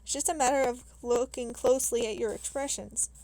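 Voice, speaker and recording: A calm, knowing woman who explains things matter-of-factly, read aloud by a woman narrator. Her voice is fairly high and unhurried. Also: close to an everyday voice, rough recording.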